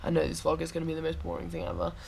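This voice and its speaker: A woman's voice: low-pitched, racing, creaky, very noisy. A young woman with a cold, vlogging casually as she travels, chatting and rambling with lots of fillers, recorded outdoors on a handheld action camera. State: has a cold. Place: hostel rooftop and city streets outdoors.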